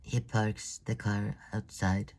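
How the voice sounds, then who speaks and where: Brief: man, audiobook narration, very slow, mellow, hesitant delivery. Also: fairly low pitch, flat delivery. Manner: slow, hesitant, restarting phrases. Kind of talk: scripted narration.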